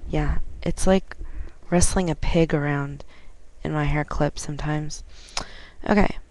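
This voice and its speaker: A woman vlogging at home on a webcam, chatting casually and retelling conversations with lively quoted dialogue. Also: sits low, a little slow, no room sound. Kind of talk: casual storytelling.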